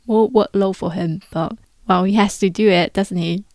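Slow, clear-spoken woman podcast host. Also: medium pitch, steady tone, a little mellow, no echo, clean studio sound. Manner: speaks slowly and clearly. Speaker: podcast host and Chinese language teacher. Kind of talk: podcast outro reading listener messages.

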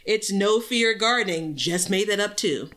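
Chatty woman with a bright voice. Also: mid-range voice, expressive, normal speed. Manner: chatty, rambling, lots of fillers and laughs. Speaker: podcast co-host. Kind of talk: casual chat.

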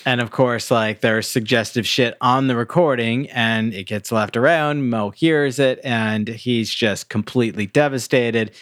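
Male podcast co-host, mid-pitched voice, close dry mic, easygoing plot recap. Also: measured pace, few pauses, no echo. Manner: relaxed storytelling with filler words. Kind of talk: casual movie review chat.

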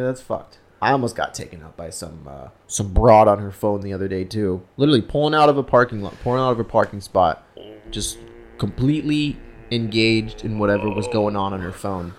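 Low voiced dude, teasing and crude, laid-back podcast banter. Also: male voice, slight background noise. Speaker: podcast co-host. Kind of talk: casual chat.

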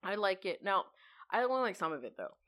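A woman's voice: medium pitch, big pitch swings, fairly quick. A young woman co-hosting a casual chat podcast, swearing freely and laughing often. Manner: profane, laughs loudly and often. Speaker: podcast co-host.

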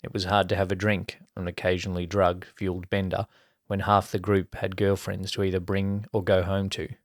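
A man reading an erotic story aloud as a podcast narrator, in an even storytelling manner. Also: low-pitched, moderate pace, no echo, studio quality. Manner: even storytelling, colloquial mates' banter.

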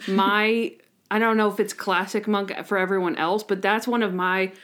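A woman's voice: medium pitch, little pitch movement, normal speed, fairly bright tone. A woman co-hosting a casual recap chat, talking enthusiastically and dropping in lots of "like". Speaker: podcast co-host.

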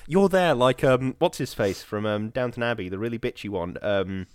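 A man's voice: mid-range voice, normal speed, smooth, no echo, clean studio sound. A man co-hosting a casual podcast chat, playful and jokey, telling stories with lots of asides. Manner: playful, jokey, animated storytelling. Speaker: podcast co-host.

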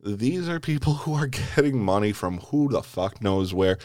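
A man's voice: fairly low pitch, animated, normal speed, darkish tone, no room sound, clean studio sound. A man hosting a podcast, delivering an angry political rant full of swearing and stumbling restarts. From United States. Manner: heavy swearing, repeated restarts.

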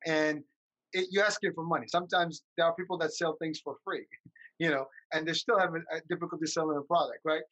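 A man's voice: a little high, steady tone, a little fast, sharp tone, low-quality recording. A man hosting a podcast, upbeat and talkative, asking long rambling questions. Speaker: podcast host. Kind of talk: casual interview chat.

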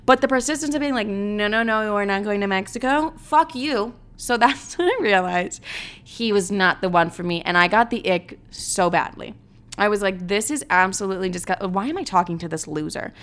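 A woman's voice: medium pitch, lively intonation, moderate pace, a bit bright. Young woman, casual storytime, brash and profane, filler-heavy. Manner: blunt, profane, dramatic, full of "like".

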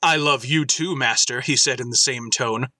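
A man's voice: mid-range voice, moderate pace, pushed and bright, dry recording. A man hosting a podcast, chatting casually and reading listener submissions aloud as comic dramatic readings.

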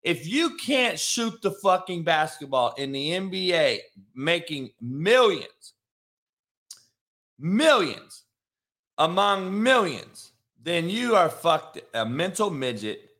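A man's voice: fairly high pitch, takes it slowly. A man hosting a sports talk show, brash and profane, ranting about the news. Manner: brash, swearing, animated.

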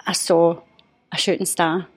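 Fifties woman, podcast guest, low husky voice, emotional halting storyteller. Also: flat delivery. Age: 50s. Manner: heartfelt, halting, with restarts.

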